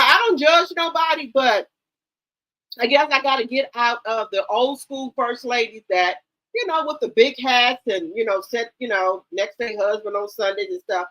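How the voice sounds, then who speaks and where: A woman's voice: high-pitched, fairly bright tone, rough recording. A middle-aged woman hosting a casual livestream, talking bluntly to her viewers and repeating herself for emphasis. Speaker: livestream host.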